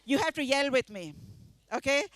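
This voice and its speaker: A woman from India, reading her story aloud in a festival tent, lively and coaxing the audience to join in. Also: high-pitched, moderate pace, no echo. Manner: lively, coaxes the audience to join in, laughs often.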